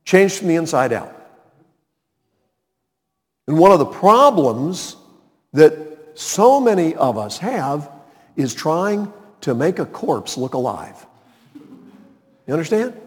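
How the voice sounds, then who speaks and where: A man preaching from the pulpit, his voice leaping up and dropping low as he slows to stress each point. He speaks in a fairly high register with an unhurried, deliberate pace. A long reverb trails his words through the hall. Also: very animated. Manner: dramatic swings in pitch and loudness, slows for emphasis. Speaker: pastor. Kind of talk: sermon.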